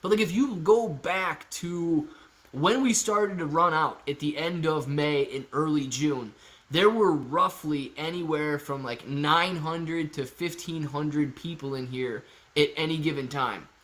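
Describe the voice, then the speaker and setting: A fairly high-voiced man talks casually on a live stream. He reads viewer comments aloud and answers them in an upbeat way, like a regular host chatting with his audience. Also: unhurried, a bit bright.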